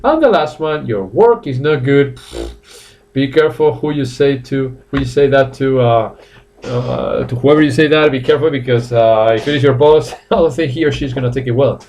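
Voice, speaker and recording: A man teaching a live online English class, laughing often and repeating phrases slowly for his students; he says he is a little tired. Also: mid-range voice, a little mellow, slight background noise.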